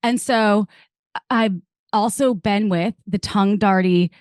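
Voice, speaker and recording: A woman's voice: medium pitch, unhurried, no room sound. Rambling woman podcast host, dry sound. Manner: rambling, animated storytelling with many fillers. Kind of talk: casual podcast chat.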